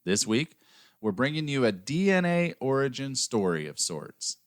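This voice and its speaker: A man's voice: mid-range voice, sing-song, moderate pace, dry recording, clean studio sound. A man co-hosting a podcast, reading out a case with jokey, wry asides. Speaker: podcast co-host and narrator. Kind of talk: casual podcast chat with scripted narration.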